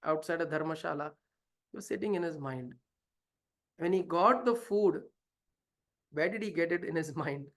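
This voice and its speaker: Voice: medium pitch, normal speed, pauses often. A spiritual teacher explaining a scripture passage through a story, hesitant at times and asking many rhetorical questions. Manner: hesitant, with fillers and restarts. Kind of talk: scripture lesson told as a story.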